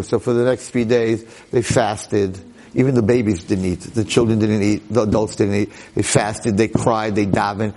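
A man giving a storytelling Torah lecture as a rabbi, dramatic and conversational, swinging from hushed lines to excited exclamations. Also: fairly low pitch, moderate pace. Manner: conversational, with frequent asides.

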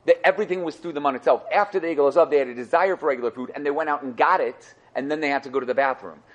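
Teaching a Torah class, a man with a slightly high voice talks rapid-fire, explaining sources to students in a lively way full of rhetorical questions and repeated phrases. The recording's highs are cut off.

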